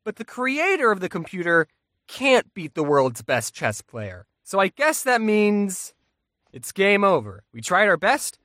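A man giving comedic storytime narration in a deadpan, self-deprecating way. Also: sits high, measured pace, no room sound, studio quality. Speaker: animated storyteller.

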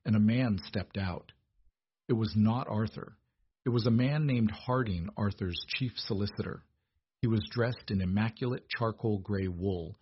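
A man narrating an audiobook in an even, measured storytelling manner. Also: lowish voice, breathy edge, dry recording, lo-fi sound.

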